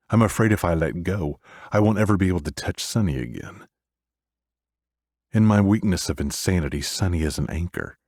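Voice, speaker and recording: A man narrates a dark romance audiobook in the first person, brooding and intense. His voice is very deep with a husky grain. The sound is dry and close, with no room around it. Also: no echo.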